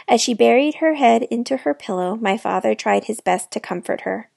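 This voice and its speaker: A woman narrates a children's novel aloud with clear, steady storytelling. Her voice is a little high with a gravelly texture, recorded dry and close to the mic. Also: normal speed, no room sound. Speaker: children's book reader.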